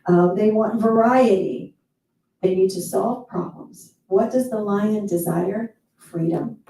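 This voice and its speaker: A woman's voice: mid-range voice, takes it slowly, dark tone, far from the mic. Enthusiastic woman speaking in an echoey hall. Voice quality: enthusiastic, playful, with quoted asides. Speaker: motivational speaker. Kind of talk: motivational seminar talk.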